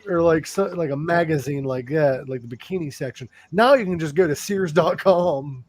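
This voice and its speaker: A man's voice: fairly high pitch, moderate pace. A man hosting a podcast in crude, casual chat, joking with profanity and breaking into laughter. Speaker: podcast host.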